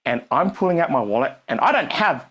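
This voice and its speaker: A man's voice: medium pitch, big pitch swings, fairly quick, a bit bright, slightly rough. A man, a business coach telling a story on stage to a live audience and acting out the dialogue.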